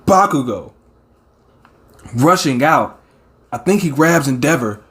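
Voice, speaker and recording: A man hosting a casual comic-reaction talk, excitable and quick to swear and shout his reactions. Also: fairly high pitch. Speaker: manga reaction host.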